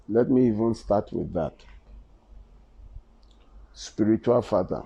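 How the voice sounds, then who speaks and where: Gravelly, husky Nigerian-accented male preacher. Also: medium pitch, slow pace, pauses often, mellow. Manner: impassioned, reads scripture aloud, rising emphatic stresses. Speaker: Bible teacher. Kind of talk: sermon-style teaching. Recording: dull lo-fi recording.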